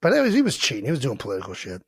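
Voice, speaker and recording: A man from Ohio co-hosting a podcast in loud, joking, profane banter. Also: mid-range voice, wildly swooping pitch, racing, slightly rough, no room sound, studio quality. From Cleveland Heights, Ohio. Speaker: podcast co-host.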